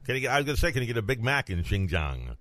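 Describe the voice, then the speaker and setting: A male radio co-host in casual banter, dropping quick wisecracks. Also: mid-range voice, very animated, a bit bright, dry recording. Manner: wisecracking, quick joking asides.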